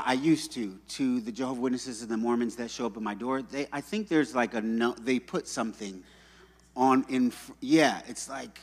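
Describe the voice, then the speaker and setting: A man preaches in a loose, chatty way, dropping jokes and stories as he goes. His voice is a little husky and sits in a middle register. A long reverb trails behind him, as in a church hall. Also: mid-range voice. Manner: conversational, joking storyteller. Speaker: pastor. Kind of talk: sermon.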